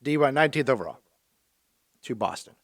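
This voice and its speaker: A male sports radio co-host in upbeat banter, quick to chime in. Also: medium pitch, animated, no room sound. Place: radio studio.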